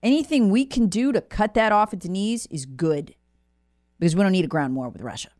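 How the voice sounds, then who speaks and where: A woman's voice: medium pitch, animated, fairly quick, a little mellow, no room sound, clean studio sound. A woman speaking as a guest commentator, alarmed and insistent, often repeating words for emphasis.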